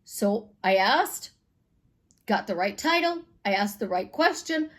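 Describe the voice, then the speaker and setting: A woman from Chicago, a life coach, telling stories bluntly in an animated, casual monologue with some swearing. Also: medium pitch, slow pace.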